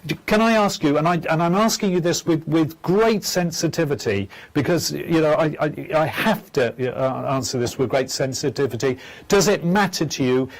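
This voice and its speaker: Male psychic host, gentle and stammering, slightly raised pitch. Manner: halting, stammering, gentle and soft-spoken. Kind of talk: live phone-in mediumship show.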